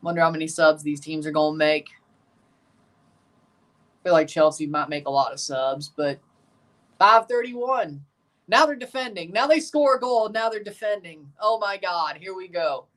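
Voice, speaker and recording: Low-voiced woman streaming live match reactions. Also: moderate pace, pauses often, fairly bright tone, distant mic. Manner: chatty, opinionated, reacts aloud to plays and rants. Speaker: livestream host. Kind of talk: live watchalong reaction commentary.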